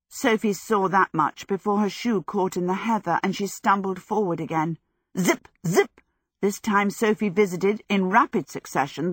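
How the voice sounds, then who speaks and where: A woman narrating a storybook in a measured, expressive way. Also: mid-range voice, dry recording. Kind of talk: audiobook narration. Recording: dry close recording.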